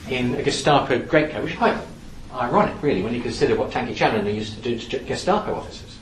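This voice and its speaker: A man giving a lively, anecdotal talk in a lecture-style storytelling manner. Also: medium pitch, quick pace. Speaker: speaker on theatre history. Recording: echoey room from some distance, faint background noise.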